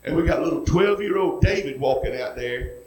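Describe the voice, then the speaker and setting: A man's voice: a little high, expressive, brisk, very echoey, low-quality recording. A man preaching a sermon, retelling a story in a folksy way and acting out each character.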